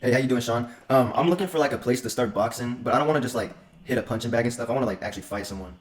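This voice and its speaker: Fast-talking young man in an echoey room. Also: mid-range voice. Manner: fast, profane, joking. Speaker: streamer telling stories. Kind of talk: casual storytelling monologue.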